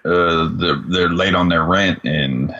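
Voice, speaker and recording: Male podcast co-host, very deep voice, casual interjections, dull recording. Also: slow, bright, forceful tone. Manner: adds short plot details to the recap. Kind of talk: casual chat. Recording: dull lo-fi audio.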